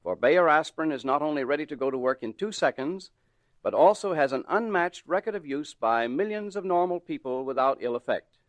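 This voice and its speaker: A man announcing and narrating in a smooth, persuasive 1940s radio style. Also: a little high, dry recording.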